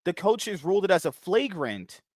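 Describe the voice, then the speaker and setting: A man's voice: high-pitched, moderate pace, no room sound, clean studio sound. A man in casual podcast chat, ranting and mocking with lots of swearing. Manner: animated, swearing, mocking rants.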